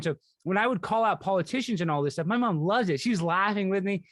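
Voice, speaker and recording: Man, podcast host, high voice, rapid rambling chat, dry sound. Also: no room sound. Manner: rambling, restarts often, fast excitable talk.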